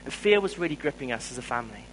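In a mid-range voice with big pitch swings, a South African man preaches rapid-fire, sharing a personal story earnestly and raising his volume to stress points. Background noise can be heard.

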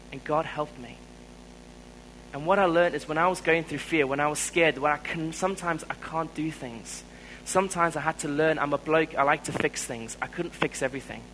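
A South African man delivers an earnest, personal sermon, building in volume when he drives a point home. His voice is bright and forceful, sitting a little high for a man. A faint hum runs behind him. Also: poor audio. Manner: personal, earnest preaching that swells louder on key phrases. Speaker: preacher.

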